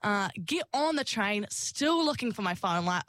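A woman's voice: medium pitch, animated, normal speed, hardly any pauses, a bit bright, dry recording. A young woman, chatting in an interview, laughing often and acting out her own past lines. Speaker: singer and actor, interview guest. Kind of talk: casual interview storytelling.

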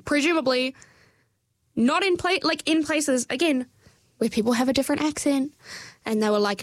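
A woman's voice: high voice, normal speed, pauses often, dry recording. A woman giving a casual, chatty film review, full of fillers, restarts and wry asides.

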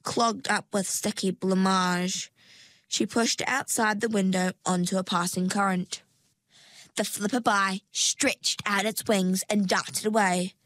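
A woman narrates a storybook at a slow, measured pace. Her pitch sits in a middle range and the sound is dry and close, with no room behind it. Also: steady tone, fairly bright tone, dry recording.

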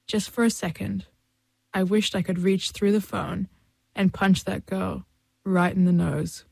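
A woman reading a first-person story as an audiobook, in a measured storytelling manner and close to the mic. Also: mid-range voice, steady tone, gravelly, dry recording. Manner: measured storytelling, voicing family and friends in dialogue. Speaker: audiobook narrator.

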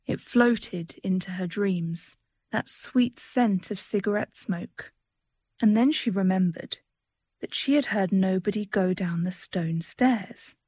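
A woman reads a story aloud in a gentle, expressive way. Her voice sits at a middle pitch. The recording is dry and close, with no room sound. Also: takes it slowly, husky, dry recording. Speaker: reader. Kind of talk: audiobook narration.

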